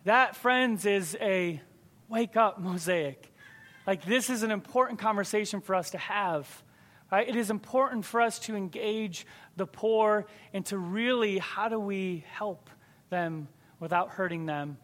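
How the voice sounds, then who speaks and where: A man with a high voice delivers a sermon to his congregation. His preaching is conversational and emphatic, leaning on key words and repeating them for weight. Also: measured pace, a bit bright.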